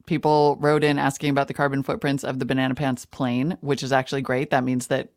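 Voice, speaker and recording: A woman co-hosting a podcast in casual, chatty talk, animated and quick to laugh. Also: very deep voice, no room sound, clean studio sound. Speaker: podcast co-host. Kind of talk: casual chat.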